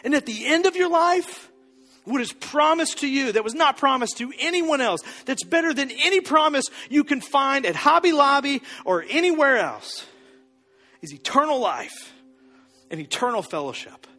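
A man's voice: very high voice, lively intonation, moderate pace, sharp tone, big-room sound, faint music behind. A man preaching a sermon as pastor, emphatic and often chuckling, building through repeated phrases.

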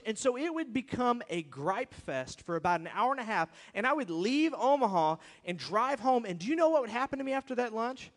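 A man's voice: high-pitched, very animated, brisk, few pauses. A middle-aged man preaching a conversational, emphatic sermon, often turning to his listeners with rhetorical questions. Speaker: pastor. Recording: long reverb of a church hall.

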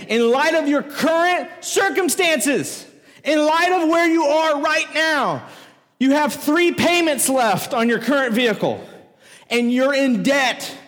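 A high-pitched male pastor preaching with emphatic repetition, coming back again and again to the same rhetorical question. His voice carries through a large church hall with a long, lingering reverb. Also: a bit bright. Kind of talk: sermon.

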